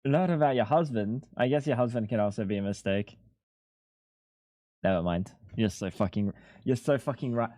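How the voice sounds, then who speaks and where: A man's voice: medium pitch, animated, moderate pace, pauses often, a little mellow, dry recording. Young guy streaming, rambly n sweary, dead dry headset mic. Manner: swears freely, rambling and laid-back. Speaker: live streamer. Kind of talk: casual live-stream chat.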